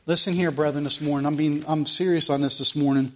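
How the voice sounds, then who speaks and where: A man preaching a Sunday sermon in a high-pitched voice, stressing each point by saying it more than once. Between his own words he reads scripture aloud in the old King James phrasing. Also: fairly even intonation, quick pace, hardly any pauses, fairly bright tone. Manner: preaching with emphatic repetition, reading scripture aloud. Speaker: pastor.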